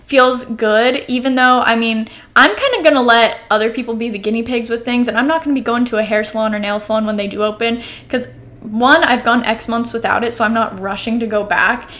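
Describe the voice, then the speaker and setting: A woman's voice: a little high, fairly quick, a bit bright. A nineteen-year-old woman from the US West Coast hosting a casual solo podcast, rambling chattily with lots of "like" and "um". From Oregon, US West Coast. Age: teens, about to turn twenty. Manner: chatty, rambling, heavy use of "like" and "um"; upbeat and caffeinated. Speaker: podcast host.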